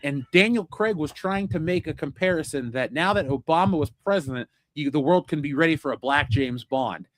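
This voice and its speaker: A man's voice: fairly high pitch, a little fast, few pauses, a bit bright, no echo, clean studio sound. A man hosting a pop culture podcast, blunt and opinionated, cursing freely in casual chat. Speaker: podcast host.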